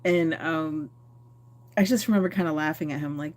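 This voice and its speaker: A woman's voice: low-pitched, moderate pace, a little mellow. A woman chatting candidly and rambling on a phone livestream, answering viewer comments. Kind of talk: casual live-stream chat.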